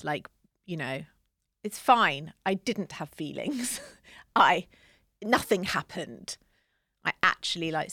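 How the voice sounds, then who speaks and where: A woman co-hosting a casual podcast, telling stories in a chatty, animated way with dry humor. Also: sits low, gravelly, no echo. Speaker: podcast co-host. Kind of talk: casual chat.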